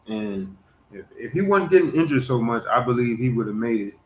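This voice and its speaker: A man's voice: medium pitch, animated, a little fast, a little hiss or hum. A man hosting a commentary channel, talking casually and repeating points in a laid-back way. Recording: echoey room.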